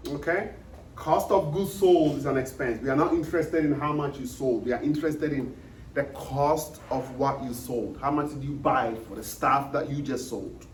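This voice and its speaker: A man's voice: on the high side, a little mellow. A man giving an accounting lecture, repeating key points and often checking that students follow. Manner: repetitive, checks understanding with questions. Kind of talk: classroom lecture. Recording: echoey room, distant mic, faint noise.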